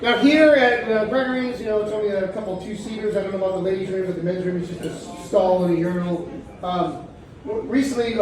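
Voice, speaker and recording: A middle-aged man from Chicago doing a profane stand-up set in a comedy club, loose and rambling, jumping into shrill outbursts. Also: darkish tone. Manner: loose, profane storytelling with sudden high-pitched outbursts. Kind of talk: stand-up set with crowd work. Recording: echoey club heard from far off. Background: audience laughter.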